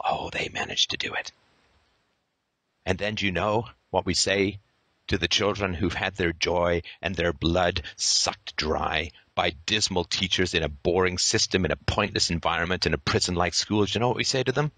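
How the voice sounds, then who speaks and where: A man's voice: low voice, steady tone, moderate pace, pushed and bright, no echo. A male podcast host giving an impassioned, sarcastic monologue peppered with profanity and theatrical asides.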